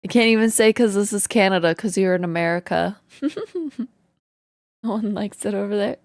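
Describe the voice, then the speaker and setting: A woman chats casually with her stream viewers, greeting each one and laughing often. Her voice sits at an ordinary pitch and runs a little hoarse. The sound is close and dry, with no room around it. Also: normal speed, a little mellow, dry recording. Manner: chatty, laughs often, answers chat. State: slightly hoarse, losing her voice. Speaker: live streamer. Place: home in Canada.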